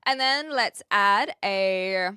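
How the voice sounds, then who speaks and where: A woman's voice: medium pitch, slow pace, bright, forceful tone, clear, resonant tone, no room sound, clean studio sound. A woman from New Zealand with a New Zealand accent, chatting casually on her live stream while she sets up a chat bot and thinks aloud. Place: home room with brick walls.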